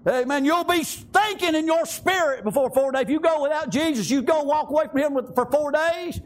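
A male preacher giving a fervent sermon, peppering it with "amen" and "praise God" and rising into shouts. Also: very high voice, brisk. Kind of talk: fiery sermon.

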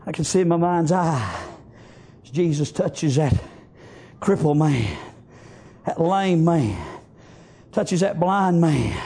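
A man preaching a fiery sermon, shouting phrase after phrase and opening each one with "uh", then dropping into quieter storytelling. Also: husky. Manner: swings between loud shouting and low, quiet storytelling.

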